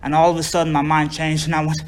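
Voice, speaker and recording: A man's voice: fairly high pitch, monotone, fast talker. A man telling a personal recovery story in a rambling, profane way, with many fillers and chuckles. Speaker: speaker sharing a recovery story.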